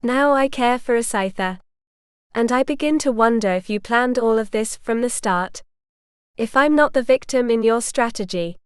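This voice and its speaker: A woman voicing a proud, stubborn young noblewoman who speaks indignantly and with a sharp tongue. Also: on the high side, normal speed, smooth, dry recording, clean studio sound, lightly acted.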